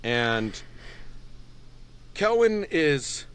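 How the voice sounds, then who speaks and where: Slow, animated male game master. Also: a little high, clean tone. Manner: laughing, animated storytelling. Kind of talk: narrating a tabletop game.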